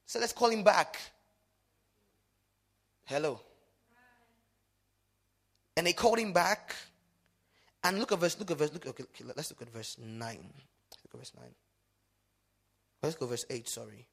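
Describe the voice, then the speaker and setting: Animated preaching man, Yoruba mother tongue. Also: fairly high pitch, normal speed, vocal fry, pauses often, breathy edge. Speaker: pastor. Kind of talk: sermon.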